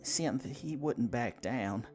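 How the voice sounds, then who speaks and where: A man's voice: medium pitch, lively intonation, slow, darkish tone, faint music behind, pitched above the performer's own voice. A man voicing a panicked young female vampire who stammers and stumbles over her words. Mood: frantic. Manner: stammering, frantic.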